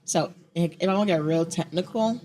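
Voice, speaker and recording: A young woman from Chicago chatting as an interview guest, lively and quick to laugh. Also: fairly low pitch. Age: young adult. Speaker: guest, poet and open mic host. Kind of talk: casual interview chat.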